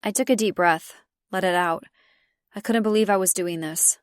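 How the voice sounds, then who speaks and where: Woman, audiobook narration, measured, mid-pitched, dry close mic. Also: fairly even intonation, smooth, dry recording. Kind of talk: scripted first-person narration.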